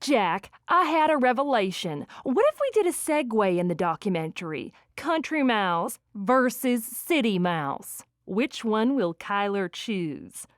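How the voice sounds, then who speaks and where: A woman's voice: mid-range voice, very animated, measured pace, few pauses, dry recording, clean studio sound. Woman voicing a pushy southern TV producer.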